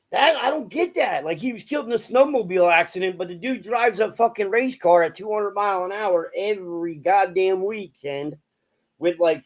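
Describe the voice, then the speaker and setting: A young adult man talking casually to viewers, swearing a lot, joking and rambling with many fillers. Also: high-pitched. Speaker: vlogger.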